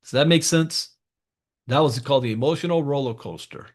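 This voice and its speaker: Guy hosting a coaching call, mid pitch, pushy motivational vibe, repeats his points. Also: brisk. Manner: emphatic, repeats key advice, speaks directly to listeners. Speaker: host of a crypto education call.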